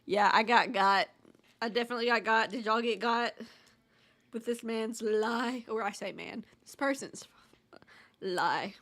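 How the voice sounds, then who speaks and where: A woman's voice: fairly high pitch, a little slow, long pauses, fairly bright tone. A young woman streamer reading online stories aloud and chatting casually with her viewers. She is laid-back, swears freely and talks while eating snacks.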